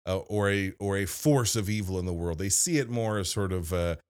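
A man's voice: deep voice, brisk, darkish tone, smooth. A man hosting a solo movie review, thinking aloud into a microphone with restarts and asides. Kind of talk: solo off-the-cuff film review. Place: video store. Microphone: studio microphone.

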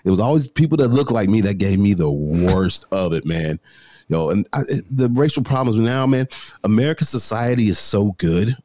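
A man in his thirties with a lowish voice that swings up and down a lot as he tells stories, peppering them with bro and man. The sound is close and dry, with no room around it. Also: normal speed, no echo. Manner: animated storyteller, lots of "bro" and "man". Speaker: podcast guest. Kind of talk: casual conversation.

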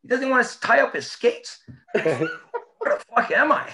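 A man spins stories in casual chat, his voice bright and lively as it leaps around. He swears freely and laughs as he goes. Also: extremely high pitch, moderate pace, slight background noise. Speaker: former hockey player telling stories.

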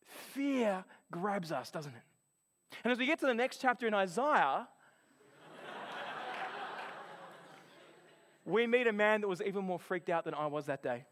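A man delivers a sermon in a high, light voice. He tells his story in an animated, chatty way. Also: slow pace, long pauses. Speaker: preacher.

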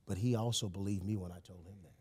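A man, a podcast guest telling a personal story in casual conversation, animated and emphatic, often saying "you know" and "man". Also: low voice, quick pace, slightly rough.

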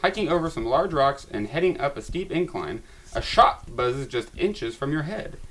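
A man's voice: on the high side, very animated, moderate pace, fairly bright tone, a little hiss or hum. A man reading a tabletop game's story aloud to his friends, with dramatic narration. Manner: dramatic narration, laughs at himself. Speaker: narrator and reader of a tabletop game.

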